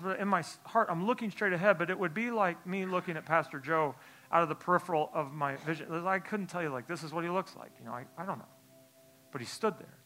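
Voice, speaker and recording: A man preaching a sermon in church, telling a personal story in a hushed, halting voice, then building into a forceful exhortation. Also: a little high. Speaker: pastor. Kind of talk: sermon testimony.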